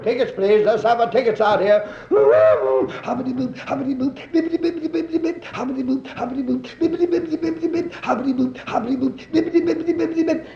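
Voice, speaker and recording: A man's voice: sits high, fairly even intonation, fairly quick, few pauses, darkish tone, echoey room, highs cut off, pitched above the performer's own voice, close to an everyday voice. A man voicing a train conductor who chants nonsense station names and rhythmic train sounds. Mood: sing-song. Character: sing-song male train conductor calling stops.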